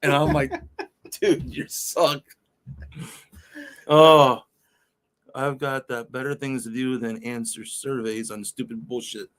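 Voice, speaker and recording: Speaking slowly with long pauses, this man has a mid-range, slightly bright voice that barely moves in pitch. The fill-in co-host tells rambling stories in casual podcast chat, swearing freely and leaning on fillers like "you know."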